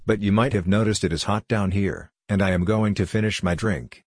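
A man's voice: lowish voice, steady tone, fairly quick, slightly rough, dry recording. A man voicing a formal Indian policewoman. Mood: matter-of-fact. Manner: formal, matter-of-fact, slightly indignant. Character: tall thin female police constable, tired of politics. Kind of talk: audiobook character voice.

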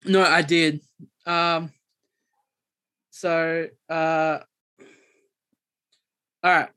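A man, co-hosting a podcast and telling a story in a rambling, animated way with many restarts. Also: a little high, drawn-out words, smooth. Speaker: podcast co-host. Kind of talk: casual chat, storytelling.

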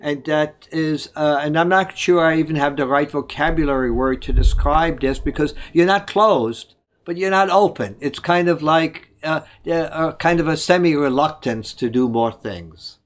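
A man's voice: fairly high pitch, moderate pace. An older man from Germany, giving discursive advice in an interview and often correcting himself mid-sentence. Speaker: guest. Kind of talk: conversational interview.

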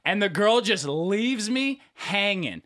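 A man in his thirties chatting casually as a podcast co-host, an animated storyteller who swears freely and acts out quotes. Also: high voice, takes it slowly. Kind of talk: casual chat.

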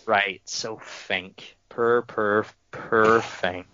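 A man's voice: on the low side, drawn-out words, lo-fi sound, a little hiss or hum. A man co-hosting a casual wrestling podcast, telling stories with lots of laughter. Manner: laughing, animated storytelling. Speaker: podcast co-host.

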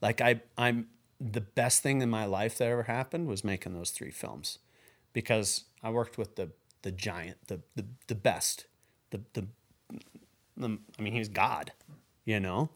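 A man recalling his work as a filmmaker in a casual, halting way, full of restarts, his voice dropping soft at emotional points. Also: lowish voice. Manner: halting and repetitive, many restarts and fillers; earnest, voice drops soft when moved. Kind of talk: casual spoken recollection.

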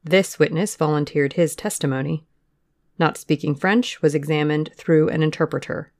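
Audiobook narration, gravelly voice, middle pitch, measured and even reading. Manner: measured, even-paced reading of witness testimony. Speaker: podcast reader.

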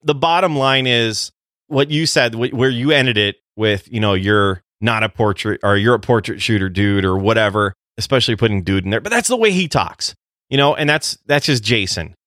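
A man's voice: lowish voice, expressive, normal speed, a bit bright, no room sound, studio quality. A man co-hosting a casual photography podcast, joking with wry asides. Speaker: podcast co-host.

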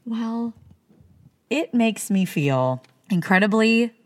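A woman's voice: a little high, animated, takes it slowly. A woman in her twenties co-hosting a podcast, chatting casually and laughing often. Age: 20s. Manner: bubbly, chatty, breaks into laughter. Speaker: podcast co-host. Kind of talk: casual chat.

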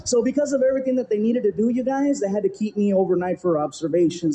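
A woman stand-up comic, telling a story in an animated, laughing way. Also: on the low side, quick pace, hardly any pauses, noisy background. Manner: animated, laughing, code-switching. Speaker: stand-up comedian.

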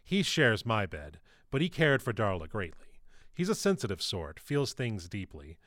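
A long-jawed male actor who plays sorcerers, read by a man, speaks softly and fondly. His voice sits low. The sound is dry. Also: very animated, normal speed, no room sound. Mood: quiet. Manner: quiet, fond.

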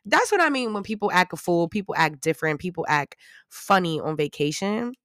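A young woman with a New York accent, hosting a casual podcast and telling stories in a sassy, animated way with plenty of swearing. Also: fairly low pitch, fairly quick, dry recording, studio quality. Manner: animated, sassy, swears freely, jumps into loud mocking voices. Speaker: podcast host. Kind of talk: casual storytelling chat.

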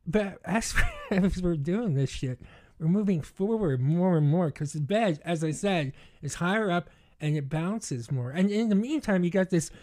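A man telling a rowdy story in casual podcast chat, animated and often laughing through his own words. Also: high-pitched, normal speed.

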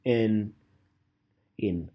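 A man's voice: lowish voice, extremely slow, dark tone. A man in his twenties hosting a solo podcast, rambling in a joking, self-mocking way with fillers and swearing. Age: 20s. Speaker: podcast host.

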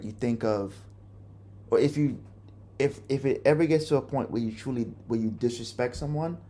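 A young man with a fairly low, warm voice hosts a podcast. He tells a personal story candidly and profanely, rambling and restarting often.

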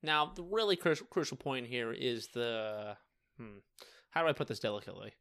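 A man's voice: medium pitch, lively intonation, moderate pace, a bit bright. An American man co-hosting a comedy podcast, cracking crude jokes and goofy asides. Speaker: podcast co-host. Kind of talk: casual comedy podcast chat.

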